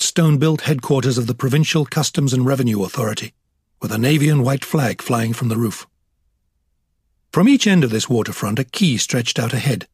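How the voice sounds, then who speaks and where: Husky male narrator for a novel; steady, measured reading. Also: mid-range voice, no echo, studio quality. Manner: measured, even storytelling. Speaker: audiobook narrator. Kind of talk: scripted narration.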